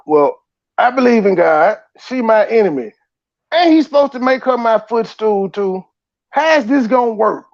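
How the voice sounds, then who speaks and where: Guy with a high voice going off on his stream, cussing a lot, kinda muffled audio. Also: a little slow, gravelly, long pauses. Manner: animated, profane, laughing rants. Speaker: host. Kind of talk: casual livestream chat.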